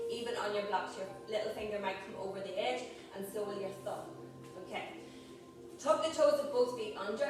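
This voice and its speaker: Yoga teacher, woman, slightly high voice, heard from across an echoey studio, cheering on her group. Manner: encouraging, cueing breaths and poses. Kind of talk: guiding a live group class. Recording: echoey room, voice far from mic, background noise.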